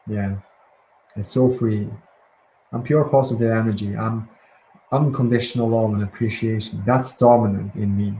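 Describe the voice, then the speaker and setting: A man leading a guided breathing and affirmation session, speaking softly and slowly with calm pauses and restarts. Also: on the low side. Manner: soft, slow and gentle, with calm pauses and restarts. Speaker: guided release teacher. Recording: echoey room with faint ambient noise.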